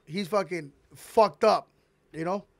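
A man hosting a podcast, telling a long story in a rambling, animated way and swearing heavily, on a close mic. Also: high voice, takes it slowly, no echo. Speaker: podcast host. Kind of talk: casual storytelling.

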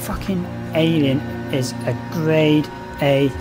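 A man commentating on a horror game, swearing often, coaxing and taunting the enemy, and getting loud when frustrated. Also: fairly high pitch, takes it slowly, over music. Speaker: gameplay commentator. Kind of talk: let's play commentary.

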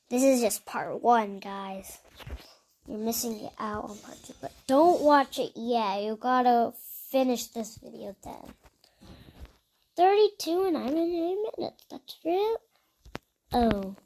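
A female gaming video host giving casual commentary on her gameplay, chatty and playful, repeating words in little chants and often dropping into a soft near-whisper. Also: fairly high pitch, takes it slowly.

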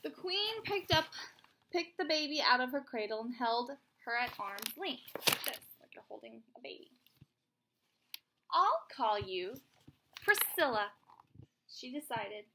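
A young woman, a teacher at home, reading a storybook aloud to her child with animated, chatty asides. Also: high-pitched, moderate pace, background noise.

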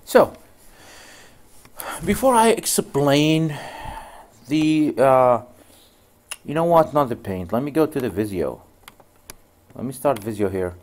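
A man teaches networking in a relaxed, rambling way, stringing his explanation into a story and leaning on "you know" and "goes like." His English has non-native phrasing, and his voice sits at an ordinary middle pitch for a man. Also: slow, pauses often. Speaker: networking instructor. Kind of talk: casual screen-share tutorial.

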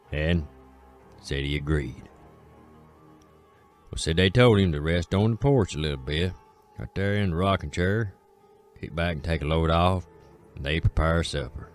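A man with an Appalachian accent telling a folk tale in a slow, drawling way, with dramatic pauses. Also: rumbling low, soft background music. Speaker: storyteller. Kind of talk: folksy spoken storytelling.

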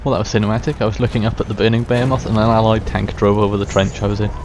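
A man with a low, gravelly voice talks dryly through a shooter match. Battle sounds and gunfire are clearly heard behind him. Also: little pitch movement, very fast. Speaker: gamer co-host. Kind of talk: casual gameplay chat. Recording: game noise and gunfire behind.

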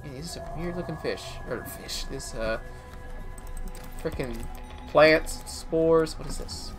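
A man giving chatty let's play commentary, talking to himself as he plays, with quick exclamations and bursts of laughter. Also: fairly high pitch, over music. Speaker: gaming streamer.

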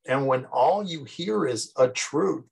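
A man's voice: medium pitch, expressive, takes it slowly, vocal fry, breathy edge, low-quality recording. A man in his fifties, a psychology teacher, giving a conversational recorded lecture and acting out everyday examples. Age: 50s.

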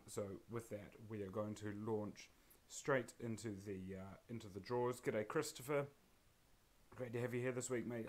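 A man with a croaky, laryngitis-strained voice hosts a live-streamed prize draw, greeting viewers by name in a friendly way. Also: lowish voice.

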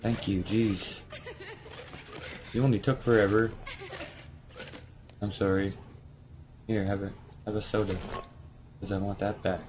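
A man's voice: fairly low pitch, little pitch movement, unhurried, pauses often, a little mellow. A man casually commenting while he plays a video game, swearing often and laughing at it. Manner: profane, laughing, talks to the game. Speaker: streamer. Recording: game music playing behind.

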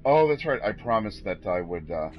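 A man's voice: fairly low pitch, very animated, moderate pace, highs cut off. A man streaming a game, rambling and self-deprecating, exclaiming at what happens on screen. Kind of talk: casual gameplay commentary.

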